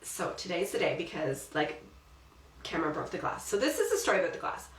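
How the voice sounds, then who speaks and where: A woman co-hosts a chatty podcast, recorded on a laptop sitting on a deep freeze in a small room off her garage. She tells stories with animated swings in pitch and acts out the lines of the people in them. The sound is distant and roomy, with a faint hum behind her. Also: fairly quick. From Australia. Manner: animated storytelling, exclaims and acts out quotes. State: recovering from illness. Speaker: podcast co-host. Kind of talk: casual chat.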